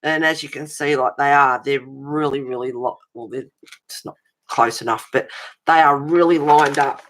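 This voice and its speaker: Chatty low-voiced woman streaming from home. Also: steady tone, moderate pace, fairly bright tone, slight background noise. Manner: chatty, answers viewers' comments with endearments; self-described fussy and pedantic. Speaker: livestream host of a colouring channel. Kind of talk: casual livestream chat. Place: home, at a table. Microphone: webcam.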